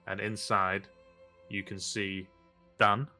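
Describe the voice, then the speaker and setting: A man narrating a tabletop game, his voice sitting low. He is easygoing, with frequent "um"s and laughs. Quiet music plays underneath. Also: slow pace. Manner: relaxed, laughing, many fillers. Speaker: game master.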